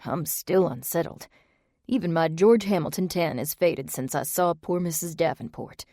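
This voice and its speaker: A woman reading the lines of an unsettled middle-aged man in a bible study group, speaking softly. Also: on the high side, moderate pace, dry recording, studio quality, close to an everyday voice. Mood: shaken. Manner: soft, unsettled.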